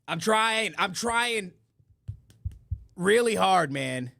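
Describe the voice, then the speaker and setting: A man's voice: sits high, animated, drawn-out words, gravelly, pushed and bright, dry recording, studio quality. A middle-aged man hosting a live-stream podcast, talking casually and rambling through stories with many restarts and asides. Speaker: podcast host reading donations and chat.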